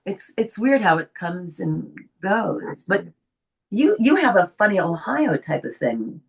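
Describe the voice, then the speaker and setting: An older actress from the Bronx with a faint New York accent, telling stories in a casual interview and laughing often. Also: female voice, medium pitch, unhurried, creaky, husky. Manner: animated storyteller, laughs often. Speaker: actress guest.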